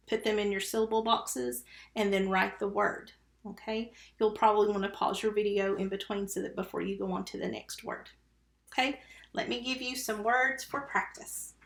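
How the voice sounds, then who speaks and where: A woman's voice: medium pitch, a bit bright. A woman teaching a recorded first-grade phonics lesson, patiently sounding out syllables and letters one by one. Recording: roomy, echoey recording.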